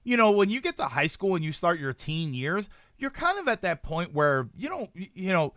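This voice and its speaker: A man's voice: high voice, big pitch swings, normal speed, fairly bright tone, dry recording, clean studio sound. A man streaming live, chatting casually and rambling as he answers his chat and corrects himself often.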